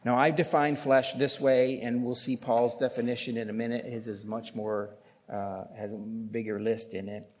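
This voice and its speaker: A man's voice: medium pitch, level tone, normal speed, a little mellow, big-room sound. A man preaching a sermon as a pastor, emphatic, with rhetorical questions and bursts of force on key points.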